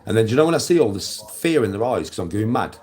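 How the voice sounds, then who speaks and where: A middle-aged English man rants at the camera in a low voice that swoops up and down. His talk is coarse and full of swearing, and he lectures the viewer directly as a live-stream host. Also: fast talker. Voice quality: coarse, swearing, lively delivery. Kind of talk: blunt ranting monologue.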